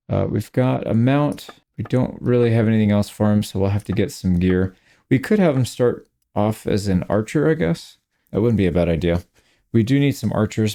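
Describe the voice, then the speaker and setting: A man with a low voice and a mellow, dark tone talks through his gameplay in a relaxed, chatty way. He reacts to fights and loot as he plays, never formal. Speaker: gaming channel host. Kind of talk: casual gameplay commentary.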